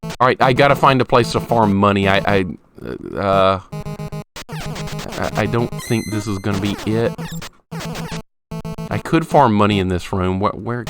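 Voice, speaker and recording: A man streaming a retro game live, commentating and greeting viewers, often frustrated and yelling at the game. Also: on the low side, a little slow, long pauses, music in the background.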